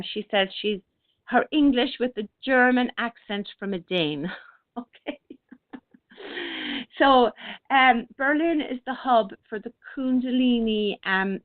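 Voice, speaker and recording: A middle-aged woman hosting an online radio show, speaking gently and hesitantly as she chats and reads out listener comments. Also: mid-range voice, no echo. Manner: gentle, unhurried, with many hesitations and restarts. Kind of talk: casual spiritual talk, reading out listener comments. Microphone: online radio broadcast. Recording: thin phone-like line, dry.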